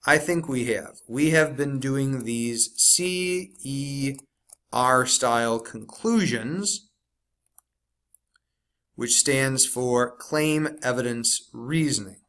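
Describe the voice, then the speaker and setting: A man teaching science, walking through a worksheet step by step and slowing down to stress key words. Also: medium pitch, fairly bright tone. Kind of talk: recorded classroom lesson walkthrough.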